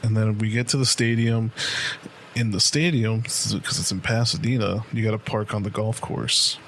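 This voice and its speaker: A man's voice: on the low side, fairly even intonation, normal speed, creaky, a bit bright, a little hiss or hum. A man in his late twenties co-hosting a podcast, telling a long casual story with lots of profanity and fillers. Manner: loose, profane storytelling full of "like" and "right?". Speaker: podcast co-host.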